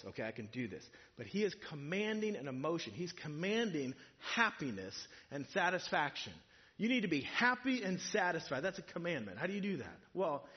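A slightly high male voice, muffled in the recording, preaches a sermon in church. He talks conversationally, building up to emphatic points and acting out imagined speakers.

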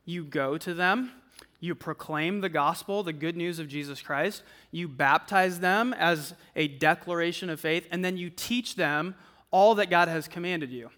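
High, bright-voiced man preaching in a hall. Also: unhurried. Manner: conversational, uses "like" and "right?" often. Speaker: campus ministry speaker. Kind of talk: sermon. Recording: echoey hall.

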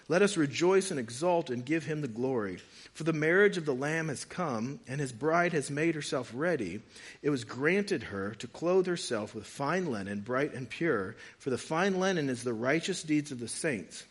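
A man pastor giving a conversational sermon, reading scripture aloud and joking with his congregation. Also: a little high.

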